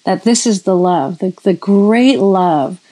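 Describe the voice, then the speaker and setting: A woman's voice: medium pitch, expressive, slow pace, warm tone, low-quality recording. A woman in her fifties preaching in a casual storytelling way, rambling with many restarts and self-corrections. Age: 50s. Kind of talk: sermon-style storytelling.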